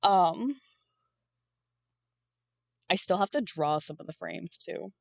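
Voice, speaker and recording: A woman's voice: lowish voice, lively intonation, slow pace, gravelly, no room sound, muffled recording. A young woman streamer chatting casually while she draws, groggy from just waking up, rambling and swearing now and then. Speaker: streamer and artist. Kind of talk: casual live-stream chat.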